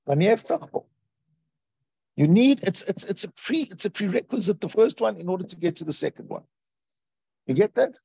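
A man teaching a Torah class in a lively way, acting out quoted voices and asking his listeners questions, on a dull lo-fi recording. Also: high voice, slightly rough, no room sound.

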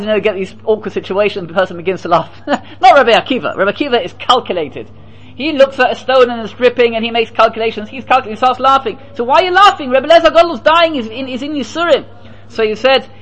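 Male Talmud teacher, very high-pitched, storyteller who quotes source texts and explains in English. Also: low-quality recording. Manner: mixes quoted Aramaic and Hebrew phrases with English explanation; storytelling, grows animated at emotional points. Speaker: Torah teacher. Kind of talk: Talmud lesson.

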